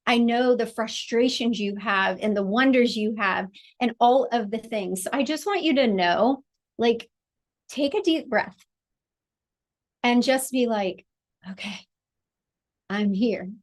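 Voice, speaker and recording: A woman's voice: a little high, measured pace. A middle-aged woman, a childbirth educator, teaching a live online class in a chatty, encouraging way over a video call.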